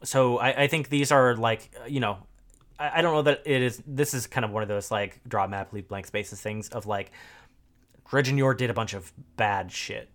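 A man co-hosting a casual podcast, talking through game lore with halting, filler-heavy speech. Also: mid-range voice, a bit bright. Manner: halting, many fillers, thinks aloud. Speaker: podcast co-host.

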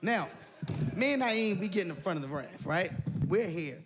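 High-voiced male stand-up comic. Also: normal speed. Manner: animated, jumps into shouted quotes. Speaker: comedian. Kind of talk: stand-up comedy storytelling. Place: comedy stage before an audience.

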